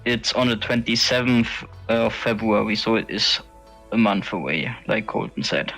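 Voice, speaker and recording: Gravelly, bright-voiced man chatting. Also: lowish voice, moderate pace, soft background music, low-quality recording. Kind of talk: casual chat.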